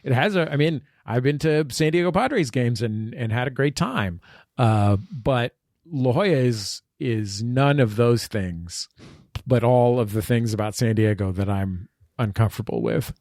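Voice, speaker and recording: Animated man telling stories, dry studio. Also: medium pitch, no room sound. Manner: animated storyteller, quick bursts with laughs. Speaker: podcast guest. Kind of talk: casual chat. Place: studio table with the hosts.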